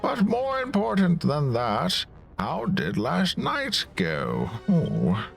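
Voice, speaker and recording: A wise old woman played by a man muses slowly over a plan in a game. Her voice rises and falls dramatically and carries a gravelly rasp. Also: a little high, wildly swooping pitch, faint music behind, pitched above the performer's own voice, heavily acted. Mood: scheming. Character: wise old woman, a fellow prisoner who knows monsters.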